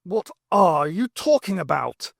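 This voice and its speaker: A man reading aloud and voicing a brisk middle-aged army officer who barks his lines in clipped, exasperated bursts. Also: fairly high pitch, animated, creaky, dry recording, studio quality, heavily acted.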